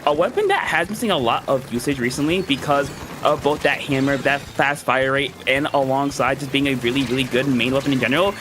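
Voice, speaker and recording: Relaxed male esports color commentator. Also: mid-range voice, a little fast, background noise.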